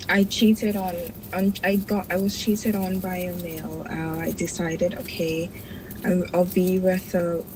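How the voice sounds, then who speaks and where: A woman in her twenties calls in and speaks in a reflective, hesitant way, pausing on fillers. Her voice comes over a noisy call-in line with clear hiss behind it. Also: fairly low pitch, flat delivery. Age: 20s. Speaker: caller. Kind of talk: call-in conversation.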